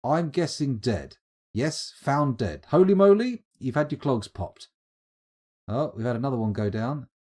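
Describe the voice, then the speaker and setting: A man's voice: medium pitch, sing-song, unhurried, dark tone. A man streaming live, giving chatty, wry gameplay commentary as he thinks aloud. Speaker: streamer playing a game.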